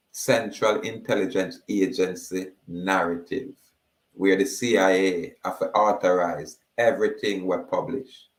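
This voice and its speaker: A man with a Jamaican accent holds forth in an emphatic monologue, stretching his words as he declaims. His voice sits somewhat low, and he talks very slowly. The recording has a strong room echo. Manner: slow, drawn-out, declaiming. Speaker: speaker.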